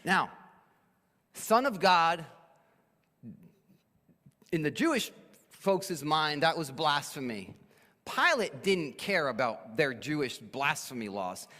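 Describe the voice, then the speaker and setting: A man delivering a sermon with a higher, lively voice that rises for emphasis and sinks to a near hush. It carries the long echo of a church hall. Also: slow, long pauses. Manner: animated, emphatic, drops to quiet for weight. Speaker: pastor. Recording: echoey hall.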